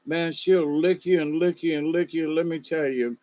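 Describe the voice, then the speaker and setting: A man's voice: on the high side, fairly even intonation, normal speed, lo-fi sound, close to an everyday voice. A man putting on a wheedling old country neighbor. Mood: coaxing. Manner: wheedling, folksy.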